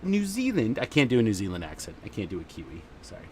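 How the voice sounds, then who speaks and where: A man's voice: low voice, expressive, rapid-fire, husky. A man hosting a casual livestream chat, rambling along with lots of fillers. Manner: rambling and chatty, many fillers. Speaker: podcast host.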